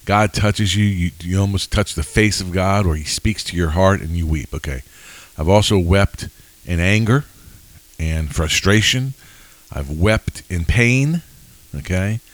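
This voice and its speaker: A man's voice: sits low, measured pace, poor audio. A man co-hosting a podcast Bible study, talking earnestly and personally with frequent restarts. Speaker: podcast co-host. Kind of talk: casual Bible study chat.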